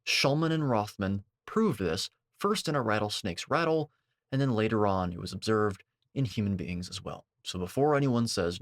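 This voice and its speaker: Sarcastic lower-voiced man in a dry room. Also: lively intonation, moderate pace, dry recording. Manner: sarcastic, combative, jumps to sudden high-pitched outbursts. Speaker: commentator reacting to a video. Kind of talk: reaction commentary, lecturing.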